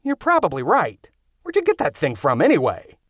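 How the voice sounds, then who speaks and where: A man's voice: a little high, wildly swooping pitch, moderate pace, no echo. A man voicing a nervous, exasperated young vampire, close to his own reading voice.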